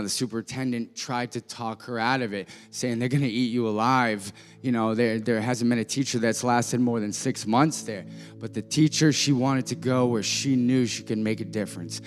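A man, a pastor, telling an illustrative story during a sermon in an earnest way. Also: mid-range voice. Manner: earnest, voices the characters in his story lightly. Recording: music and long reverb of a church hall.

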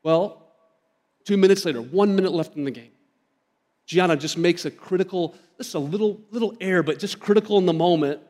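This pastor, a man in his thirties, talks a little fast in a high, slightly mellow voice that carries through a large hall. In the church sanctuary, he preaches conversationally, weaving in stories and speaking straight to the congregation.

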